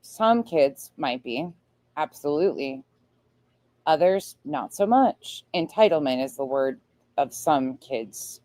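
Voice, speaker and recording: A woman's voice: low voice, lively intonation, slow pace, dark tone, no echo. A woman co-hosting a casual livestream, dropping sarcastic side remarks and the odd swear. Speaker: livestream co-host.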